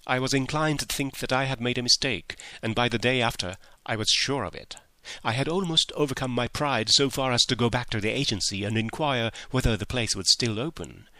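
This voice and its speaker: A man reading a story aloud in measured scripted narration. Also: mid-range voice, pushed and bright, no room sound. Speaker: audiobook reader.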